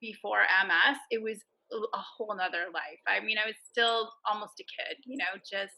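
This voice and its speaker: Very bright-voiced Canadian woman guest. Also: medium pitch, normal speed, vocal fry, poor audio. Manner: relaxed and thoughtful, with hesitations and fillers. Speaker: podcast guest, blogger. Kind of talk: casual interview answers.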